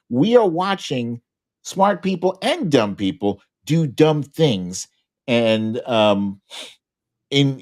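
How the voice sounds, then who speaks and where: A man talking as a guest on a political chat show, animated and often restarting his sentences. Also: mid-range voice. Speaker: guest commentator.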